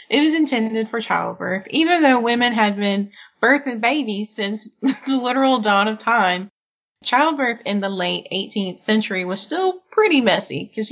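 A woman's voice: on the high side, fairly bright tone, dull audio. A woman co-hosting a podcast in casual chat, laughing often and reading from an article. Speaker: podcast co-host.

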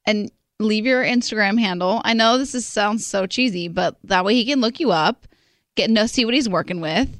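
A woman's voice: mid-range voice, normal speed, dry recording, studio quality. A young woman co-hosting a podcast, bubbly and chatty, saying "like" constantly. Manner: bubbly, heavy use of "like". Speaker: podcast co-host. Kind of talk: casual podcast chat.

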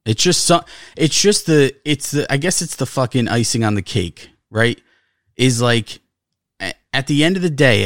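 Co-host, male, heated sports rant, swearing, very animated delivery, dry close mic. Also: mid-range voice, no room sound. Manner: profane, frustrated, repeats himself. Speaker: podcast co-host.

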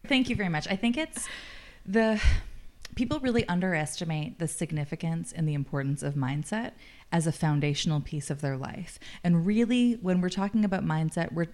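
A woman's voice: fairly low pitch, a little fast, a little mellow. A woman in her late thirties, speaking earnestly as an interview guest, often using "like" as a filler. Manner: earnest, thoughtful, frequent "like" fillers. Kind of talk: casual interview talk.

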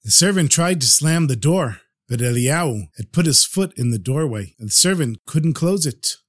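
A man narrating a traditional folk tale on a storytelling podcast in an expressive, animated way. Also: on the high side, moderate pace.

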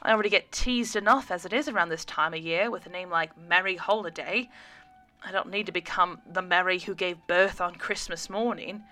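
A woman's voice: on the low side, a little fast, pushed and bright. A woman voicing a young pregnant woman who talks with a dry, sarcastic edge. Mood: wry. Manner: teasing, sarcastic delivery.

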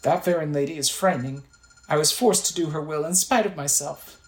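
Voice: mid-range voice, fairly quick, roomy sound, faint music behind, lightly acted, low-quality recording. A game player voicing a weakened, wise older woman from a video game who speaks earnestly and asks for help. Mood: weary.

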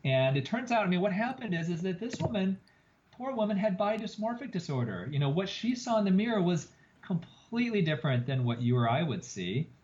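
A man who is a plastic surgeon, telling an animated story as a guest on a podcast interview. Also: sits high, fairly quick. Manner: animated storyteller, acts out quoted lines. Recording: roomy, slightly dull podcast audio.

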